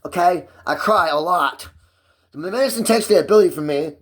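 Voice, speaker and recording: A man's voice: on the high side, lively intonation, a little fast. Agitated man on a profane rant. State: distressed, voice rising toward shouting. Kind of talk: angry personal monologue.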